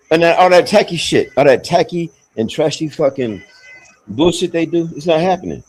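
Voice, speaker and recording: Casting: blunt, foul-mouthed man, casual chat, lively pitch swings, lots of restarts. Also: slightly rough, low-quality recording. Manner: blunt, profane, rambling with many restarts. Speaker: expat talking on a livestream call. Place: abroad, with faint outdoor sounds behind.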